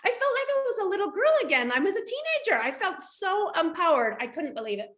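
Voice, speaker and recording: A middle-aged woman guest telling a personal story in an interview, animated and lively, with frequent restarts. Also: very high-pitched, fast talker, roomy sound. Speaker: guest entrepreneur.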